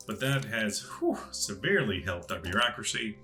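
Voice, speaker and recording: A man's voice: lowish voice, very animated, moderate pace, few pauses, music in the background. A man casually thinking aloud as he plays a strategy game, musing to himself as he clicks through menus. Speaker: gaming channel host.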